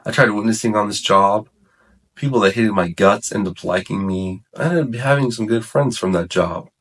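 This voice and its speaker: A man's voice: fairly low pitch, normal speed, fairly bright tone. A man telling his faith testimony in a loose, rambling way, full of fillers and self-corrections. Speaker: guest sharing his testimony. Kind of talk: casual testimony chat.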